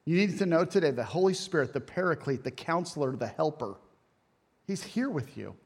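A man with a slightly high voice preaches a lively, folksy sermon, moving between earnest points and joking asides. His voice carries a long reverb from a church sanctuary. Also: a little fast, slightly rough. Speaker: pastor.

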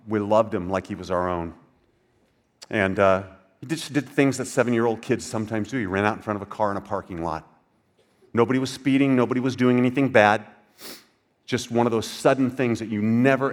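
Older man, pastor, sermon, conversational, questions to the congregation, soft quiet moments. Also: lowish voice. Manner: conversational, asks the audience questions, drops to soft quiet passages.

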